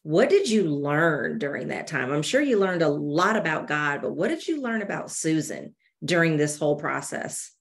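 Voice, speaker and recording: A woman's voice: low voice, sing-song, moderate pace, vocal fry, few pauses. A woman hosting a faith podcast, asking her guest questions in an encouraging way. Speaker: podcast host.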